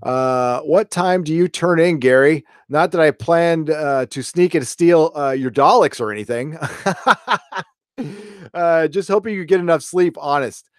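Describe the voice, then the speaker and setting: A man's voice: fairly high pitch, normal speed, few pauses, clean tone, dry recording, clean studio sound. A middle-aged man hosting a casual live show, talking in a rambling, blunt way and swearing freely. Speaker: host.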